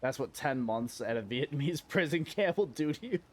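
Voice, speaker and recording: A grizzled, hardened war veteran, as a man puts him on, speaking low and slowly. His tone is grim and bitter. He sounds like a man who has seen too much. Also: lively intonation, natural voice.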